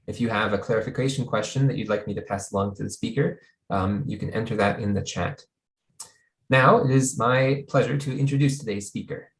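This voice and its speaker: Low-voiced man hosting a seminar. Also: brisk, creaky. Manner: reading announcements in an orderly way. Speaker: seminar host and moderator. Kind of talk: formal introduction. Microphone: video call. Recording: echoey room.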